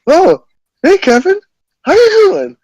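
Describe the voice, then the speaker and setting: A drunk, cheerful college guy, as a man puts him on in a storytelling stream, speaking in a high, swooping voice. He sounds loose and friendly, unbothered by anything. The sound is close and dry. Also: huge pitch swings, slow, a little mellow, no echo, exaggerated voice. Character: drunk, cheerful young male college roommate.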